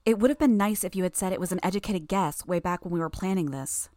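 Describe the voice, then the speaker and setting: Low-voiced woman reading fiction. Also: quick pace, darkish tone, no room sound, studio quality. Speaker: audiobook narrator. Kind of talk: first-person fiction narration.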